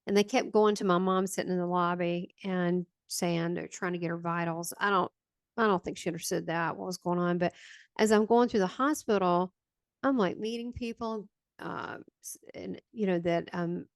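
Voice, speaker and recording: A woman's voice: fairly low pitch, steady tone, normal speed, clean tone, dry recording. Meandering Southern woman telling her story. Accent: Southern American. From Southern United States. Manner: meandering, hesitant, many fillers and restarts. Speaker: guest, spiritual medium. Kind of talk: recounting a personal near-death story.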